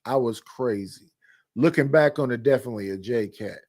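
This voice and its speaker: A man's voice: mid-range voice, moderate pace, a little mellow. A man in his fifties, a podcast host, telling personal stories in blunt, candid casual chat with repetitive phrasing. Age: 50s.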